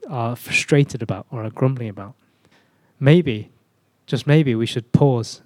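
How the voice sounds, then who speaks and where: A man's voice: mid-range voice, darkish tone, no echo. A man preaching a sermon in a conversational way, full of rhetorical questions.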